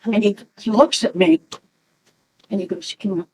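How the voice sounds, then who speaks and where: A middle-aged woman, a mother, telling a halting, animated story at a memorial gathering. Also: medium pitch, husky, low-quality recording. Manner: slow, halting, animated when quoting. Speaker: mother of the deceased.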